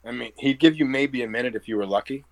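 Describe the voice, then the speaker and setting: A man's voice: mid-range voice, fast talker, no echo, low-quality recording. A man with a New Jersey accent, a professional wrestler chatting as an interview guest and acting out quoted dialogue. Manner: animated storyteller who acts out quoted dialogue. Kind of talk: casual interview chat.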